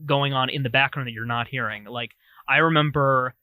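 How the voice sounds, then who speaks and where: A man's voice: mid-range voice, a little fast, pushed and bright, no echo. A man co-hosting a podcast, reviewing a film in rambling casual chat with many restarts. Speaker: podcast co-host.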